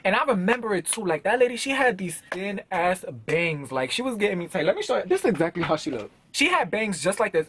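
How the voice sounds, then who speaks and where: A young man telling a casual storytime vlog at home, animated and full of slang. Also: sits high, fast talker, hardly any pauses. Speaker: vlogger. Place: indoors at home before a backdrop.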